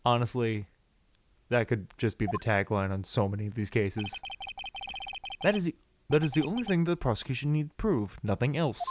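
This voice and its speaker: A man streaming a game, reading its dialogue aloud with lively asides and small restarts. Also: mid-range voice, moderate pace, background noise. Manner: animated, reads lines with small restarts and asides. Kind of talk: playthrough narration with read-out dialogue. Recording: game music behind the voice.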